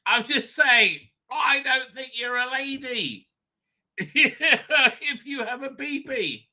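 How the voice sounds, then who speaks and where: Lively, bright-voiced man rambling crudely. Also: extremely high pitch, slow. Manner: crude, rambling, laughs often. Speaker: live-stream host. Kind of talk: rambling live-stream chat.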